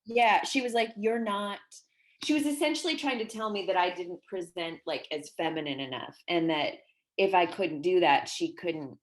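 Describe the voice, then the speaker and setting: A woman in her thirties, a podcast guest, telling stories in casual chat with a giggly, animated manner. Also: lowish voice, moderate pace. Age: 30s.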